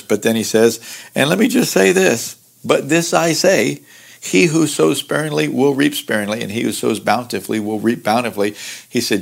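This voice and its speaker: A pastor leading a Bible study teaches through a passage in an earnest, conversational way, explaining verses with lively asides. His voice is fairly low in pitch.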